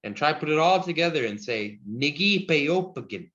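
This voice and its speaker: A man teaching a Cree language class over a video call, friendly and encouraging, chuckling often and slowing down to model each word. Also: a little high, animated, fairly bright tone. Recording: dull lo-fi video call audio.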